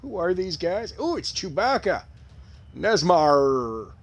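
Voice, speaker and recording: A man's voice: fairly high pitch, very animated, measured pace, husky. A man casually commenting on a video game he is playing, breaking into playful mock-announcer calls and exclamations. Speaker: gamer doing play-by-play.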